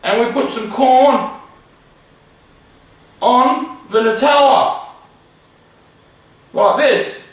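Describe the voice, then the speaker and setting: A high, sing-song voice of a childish man-child cook, as a man puts him on, explaining each step slowly and earnestly. It is recorded far from the mic in a very echoey room. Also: heavily acted. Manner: slow, earnest, demonstrative kitchen-show explaining. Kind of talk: parody cooking segment.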